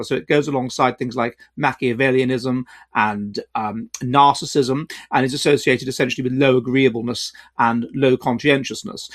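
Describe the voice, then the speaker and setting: A man hosting an educational video, explaining in a measured, lecturing way with restarts and quiet asides. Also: medium pitch. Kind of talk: explanatory talk to camera.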